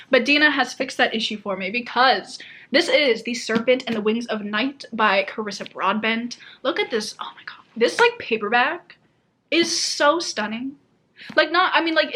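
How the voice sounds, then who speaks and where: A woman's voice: fairly high pitch, normal speed, bright, forceful tone, a little hiss or hum. A young woman chatting casually as a book vlogger, gushing and laughing often, with lots of "like". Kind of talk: casual chat.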